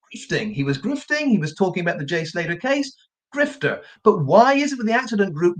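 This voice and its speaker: A man's voice: high-pitched, a bit bright. A man hosting a live true crime stream, ranting in a combative, indignant way and often repeating himself. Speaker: true crime channel host.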